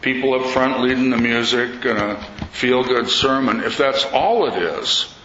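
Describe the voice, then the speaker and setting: An older man, an Orthodox priest, giving a talk in sermon style and telling stories with lively quoted voices. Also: mid-range voice, measured pace. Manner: storytelling, animated quoting of others. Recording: echoey hall, slightly dull sound, faint noise.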